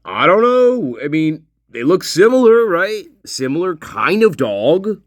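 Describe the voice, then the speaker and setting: A man's voice: on the high side, sing-song, a little slow, dry recording. A man giving sarcastic, profane casual commentary over video footage, laughing often. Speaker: online commentator.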